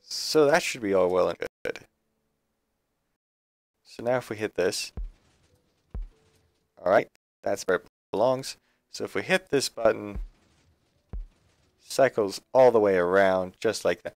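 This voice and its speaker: A man's voice: lowish voice, a little slow, long pauses, no echo. A man streaming a building game live, thinking aloud in a chatty, self-correcting way. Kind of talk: live gameplay commentary.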